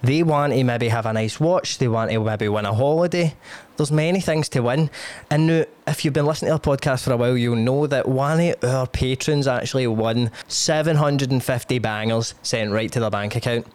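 A man's voice: medium pitch, brisk, a little mellow, smooth, dry recording. A man hosting a podcast, doing a brash, joking sponsor read. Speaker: podcast host. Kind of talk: casual chat and ad read.

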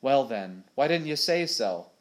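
A man reading aloud and voicing a gruff older sailor who talks in a folksy, drawn-out way with rough grammar. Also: medium pitch, lively intonation, natural voice. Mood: puzzled.

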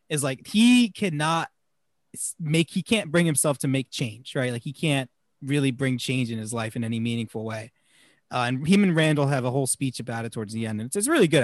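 A man from New Jersey co-hosting a casual movie discussion, animated, laughing often and restarting his sentences. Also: fairly high pitch, no echo, clean studio sound. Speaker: podcast co-host.

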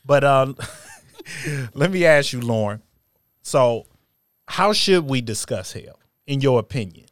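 A man's voice: medium pitch, expressive, slow pace, pauses often, dry recording, clean studio sound. A man hosting a casual faith discussion, asking questions in a conversational, affirming way with playful asides. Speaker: podcast host.

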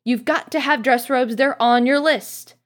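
A fussy motherly witch of middle age, all bustle and scolding, as a woman reads her aloud. Her voice sits up high and pushes forward with brisk insistence. A storybook mum who fusses over every detail. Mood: insistent.

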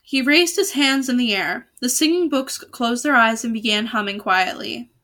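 A woman's voice: fairly high pitch, moderate pace, sharp tone. A young woman reading a children's novel aloud chapter by chapter, breaking off now and then for casual, joking asides. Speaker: storybook reader.

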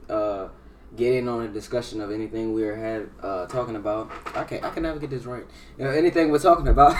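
A young man hosts a casual podcast with loose, profane banter. He sits a little back from the mic. A faint hiss runs under his voice. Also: fairly low pitch. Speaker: podcast host. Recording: distant mic with background noise.

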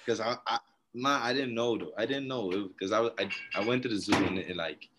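A young man, a guest on a podcast, telling stories in a laid-back, soft-spoken way with frequent laughs. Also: on the low side, brisk, background noise. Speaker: guest, professional baseball player. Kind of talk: casual interview chat.

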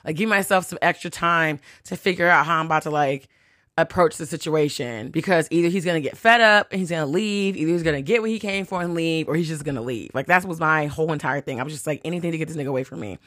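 A woman's voice: low voice, quick pace, fairly bright tone, dry recording, clean studio sound. A woman hosting a podcast, telling a story in a chatty, profane way, full of fillers and acted-out quotes. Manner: chatty, profane, heavy use of "like", acts out quotes. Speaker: podcast host. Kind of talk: casual storytelling. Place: New York City.

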